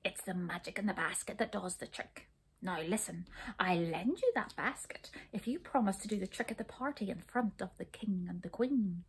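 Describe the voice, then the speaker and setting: A woman reading a storybook aloud, voicing a sly, scheming witch who talks slowly and coaxingly in a hushed, breathy voice. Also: medium pitch, slight background noise, close to an everyday voice. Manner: slow, coaxing and conspiratorial.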